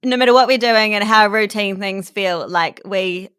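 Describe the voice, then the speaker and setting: A woman's voice: medium pitch, moderate pace, a bit bright, clear, resonant tone, dry recording. Giggly podcast cohost lady, rambly chat, dead dry mic. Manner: giggly, rambling with many "like" fillers. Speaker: podcast co-host. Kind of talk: casual chat.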